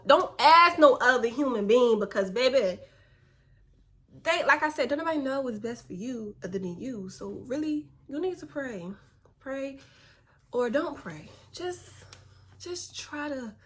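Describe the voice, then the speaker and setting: A young woman in a relaxed, slangy motivational chat, calling her viewers "baby". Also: a little high, slight background noise. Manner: laid-back, slangy, spiritual encouragement, calls viewers "baby". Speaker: vlogger.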